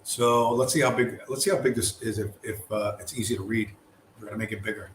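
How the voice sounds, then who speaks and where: A man's voice: lowish voice, fairly even intonation, a little fast. A man hosting a casual livestream, talking in a rambling, profane way with many restarts. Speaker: livestream host. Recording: echoey room with faint background noise.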